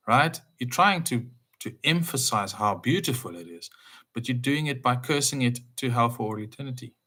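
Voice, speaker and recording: A man giving an emphatic, casual spiritual talk, full of rhetorical questions and swings between loud and soft. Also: lowish voice. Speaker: speaker.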